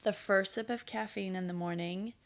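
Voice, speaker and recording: A woman in her thirties hosts a casual solo podcast, chatty and blunt, swearing freely and laughing at herself. Her mid-range voice moves at a moderate pace with fairly even intonation.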